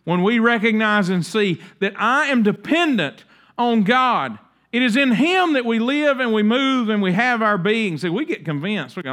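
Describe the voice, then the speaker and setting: High-voiced man preaching conversationally. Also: lively intonation, moderate pace, fairly bright tone. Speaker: pastor. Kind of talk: sermon.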